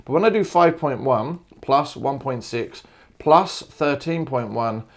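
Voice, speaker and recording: Measured and expressive, his mid-range voice carries an Australian maths teacher's step-by-step reasoning through exam solutions. He thinks out loud informally, slipping in asides and fillers such as "uh" and "all right."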